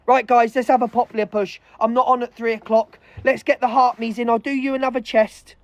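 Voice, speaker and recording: Furious high-voiced woman ranting. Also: little pitch movement, fairly quick, no room sound. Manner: furious, heavy swearing, calling people out. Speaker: livestreamer. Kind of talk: angry livestream rant.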